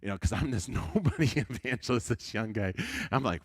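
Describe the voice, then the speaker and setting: A male evangelist preacher telling a story in a Sunday school sermon, chatty and animated, often restarting his sentences. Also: mid-range voice, quick pace, no room sound.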